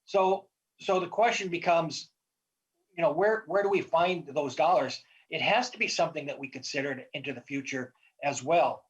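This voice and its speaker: A man, a state legislator, giving measured, cautionary remarks in a committee hearing, with hesitant restarts. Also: on the high side. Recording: dull, lo-fi audio.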